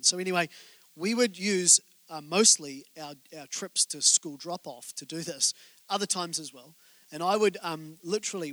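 A male pastor giving a sermon, telling stories in a joking, conversational way and speaking straight to the congregation with quick asides. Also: high-pitched, sharp tone, dry recording. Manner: joking, conversational storytelling from the pulpit.

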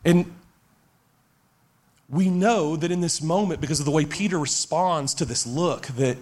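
A man's voice: a little high, unhurried, a little mellow. A man in his forties, a pastor preaching an earnest, emphatic sermon that repeats its key phrases. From Texas.

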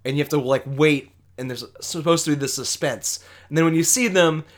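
A young man co-hosting a movie podcast, talking in a relaxed, rambling way full of fillers. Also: fairly high pitch, a little fast. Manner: relaxed, rambling, lots of fillers, easy laughs. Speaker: podcast co-host. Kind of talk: casual movie podcast chat.

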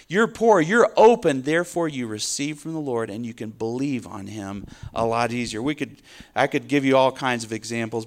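A man preaching a sermon, delivering rising, emphatic appeals and closing in prayer. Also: mid-range voice. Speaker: pastor.

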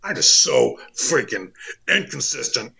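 Man playing a raspy, bombastic conspiracy broadcaster, gravelly, high-pitched rant, a bit of Texas twang. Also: very animated, slow, sharp tone, exaggerated voice. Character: ranting male conspiracy radio host impression.

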